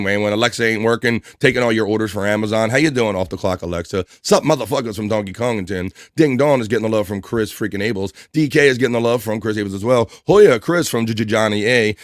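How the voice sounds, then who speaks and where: A man's voice: lowish voice, expressive, brisk, hardly any pauses, no room sound, clean studio sound. A man hosting a live stream, chatting loosely and reading out the chat with profane, hyped-up banter.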